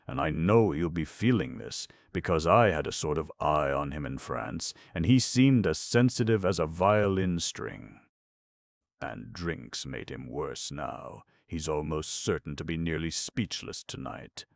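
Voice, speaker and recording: Storybook gent: man playing a gruff, blunt friend; very deep, dry. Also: no room sound, heavily acted.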